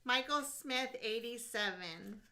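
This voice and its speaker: A woman's voice: on the high side, takes it slowly, sharp tone. A woman co-hosting a live stream, reading out bidder names and counting down the bids. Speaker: co-host calling auction bids. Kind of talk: live auction calling.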